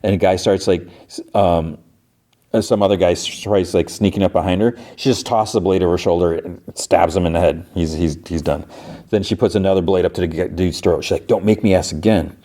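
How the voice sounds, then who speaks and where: A man's voice: low-pitched, steady tone, fairly quick, mellow. A man hosting a podcast, casually retelling a TV episode in a rambling way, full of fillers like "like" and "you know.". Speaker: podcast host. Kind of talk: casual show recap.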